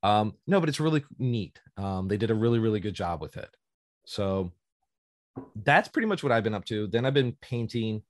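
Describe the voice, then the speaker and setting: Male podcast host, low-pitched, rambling and eager, dry close recording. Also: lively intonation, normal speed, no room sound. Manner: rambling and enthusiastic, wanders off on tangents. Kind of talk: casual chat.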